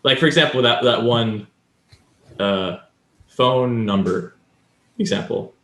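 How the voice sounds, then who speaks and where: A man's voice: medium pitch, slow pace, reverberant, noisy background. A man co-hosting a casual podcast, explaining things at length and acting out example lines. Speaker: podcast co-host. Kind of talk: casual chat.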